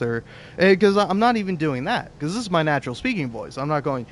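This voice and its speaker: A man's voice: a little high, fast, slight background noise. A young man doing let's play commentary, rambling, self-deprecating and swearing freely. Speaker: streamer playing a narrative game.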